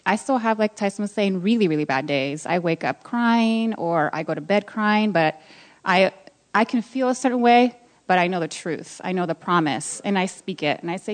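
A woman sharing a personal faith testimony, nervous and emotional, speaking softly with halting restarts. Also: mid-range voice, expressive.

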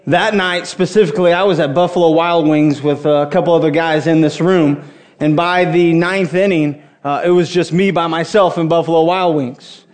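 A man's voice: a little high, fairly even intonation, normal speed, a little mellow. A man preaching a sermon to a congregation, telling funny personal stories in a conversational way. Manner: humorous storytelling, conversational. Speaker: pastor. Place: church before a congregation.

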